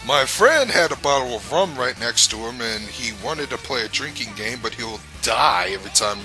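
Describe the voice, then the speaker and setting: A man's voice: medium pitch, expressive, moderate pace, over music, poor audio. A man giving a casual review rant, rambling, blunt and profane, with frequent restarts. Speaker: anime reviewer.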